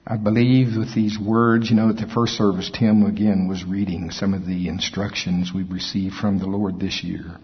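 A man preaching a sermon as pastor, telling folksy stories with self-mocking humor and a husky, raspy voice. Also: deep voice, flat delivery, moderate pace, hardly any pauses. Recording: echoey hall, dull lo-fi sound.

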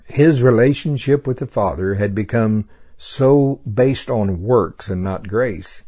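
A man's voice: lowish voice, takes it slowly, dark tone, husky. A man preaching a sermon in a folksy way, often chuckling at his own stories.

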